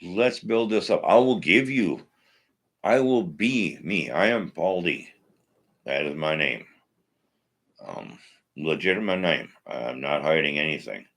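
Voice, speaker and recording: A man's voice: very deep voice, animated, a little slow, gravelly, long pauses, fairly bright tone. A blunt, profane man from Minnesota hosting a casual live stream about wrestling, ranting his opinions. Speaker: wrestling podcast host.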